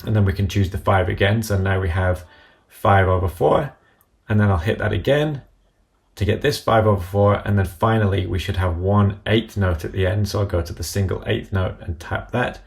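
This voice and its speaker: A man with a very low, gravelly voice narrates a screen-recorded app tutorial. He explains each step calmly and in order, with a voice-over sound. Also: moderate pace.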